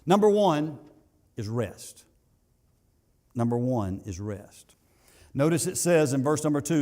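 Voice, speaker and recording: A pastor preaching a sermon in a church, building to emphatic peaks and then dropping to soft asides, with some halting repeats. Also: male voice, medium pitch, very animated. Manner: halting repetitions. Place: church sanctuary.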